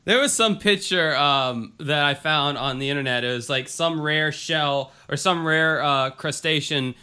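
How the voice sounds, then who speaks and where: A man's voice: on the high side, unhurried, pushed and bright, clear, resonant tone. A man co-hosting a casual talk show, rambling and joking with lots of fillers and restarts. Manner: laid-back, jokey, swears casually. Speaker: podcast co-host. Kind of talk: casual chat.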